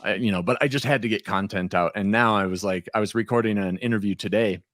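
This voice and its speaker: A man's voice: lowish voice, fast, a bit bright, dry recording. Rambling, talkative man on a podcast. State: a little stoned. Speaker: podcast guest and former co-host. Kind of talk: casual chat.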